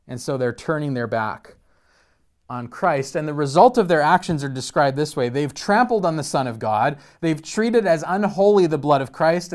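A man with a mid-range voice preaches conversationally as pastor, teaching through a passage. He restarts words after stumbling and slows his pace to stress the key points.

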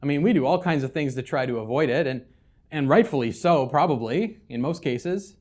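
A man preaching a sermon as pastor, swinging between loud, emphatic scripture reading and quiet, conversational asides with humor. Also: on the high side, lively intonation, fairly quick. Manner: conversational, with casual fillers and humor.

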